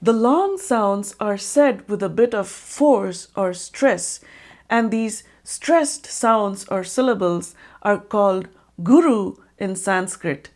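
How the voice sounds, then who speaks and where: A woman narrating a scripted music lesson, explaining clearly and slowly and speaking rhythm patterns aloud as demonstrations. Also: medium pitch, a little mellow.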